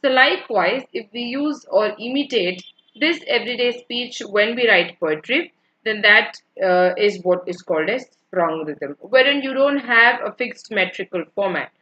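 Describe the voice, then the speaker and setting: A woman teaching literature online goes over her points patiently, repeats them and checks that her students are following. She speaks a little slowly in a voice on the high side, with lively intonation and a sharp tone. The audio is muffled.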